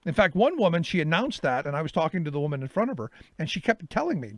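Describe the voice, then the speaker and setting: A man's voice: high voice, very animated, fast talker, fairly bright tone, dry recording. A middle-aged male talk show host telling a story in a casual monologue and acting out his own exchanges.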